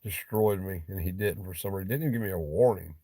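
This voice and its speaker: A man with a low, gravelly voice chats casually with his livestream viewers, blunt and swearing freely. He is from Ohio and jokes around as he talks. The sound is dry and close, with no room echo. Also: quick pace, warm tone. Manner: profane, blunt, joking. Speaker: livestream host.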